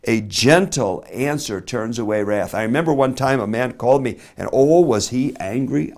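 A middle-aged man preaching a sermon, swinging from loud emphasis to very soft, slow words. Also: fairly high pitch. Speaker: pastor.

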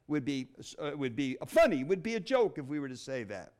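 A middle-aged man preaching a sermon, expressive, with dramatic pauses and touches of humor. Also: mid-range voice. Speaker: pastor.

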